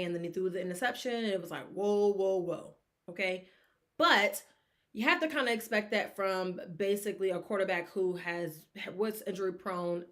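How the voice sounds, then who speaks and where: A woman hosts a casual sports talk show on her own. She talks in an animated, rambling way and drifts off on tangents. She acts out the reactions of fans as she goes. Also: mid-range voice. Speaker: sports podcast host.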